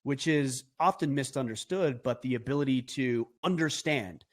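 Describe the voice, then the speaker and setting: Middle-aged man, podcast guest; earnest and forceful, asks rhetorical questions, mid-range voice. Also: mid-range voice, moderate pace. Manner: earnest, emphatic, builds arguments with rhetorical questions. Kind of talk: conversational podcast talk.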